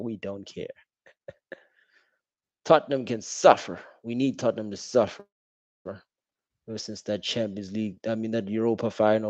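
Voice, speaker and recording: A young man giving casual, slangy live reaction commentary while watching a football match, calling out the referee loudly. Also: on the low side, no echo. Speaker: football watch-along streamer. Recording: dull, dry home stream audio.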